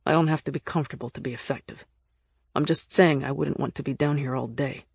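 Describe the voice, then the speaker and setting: A woman voicing a wary, gruff man who is jumpy underground, speaking low and clipped in an audiobook. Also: fairly even intonation, fast, no room sound, clean studio sound, exaggerated voice. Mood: guarded.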